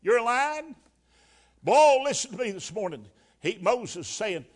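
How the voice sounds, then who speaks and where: A man preaching a sermon as pastor, folksy and colloquial, acting out the scripture quotes with lively drama. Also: sits high, normal speed, breathy edge.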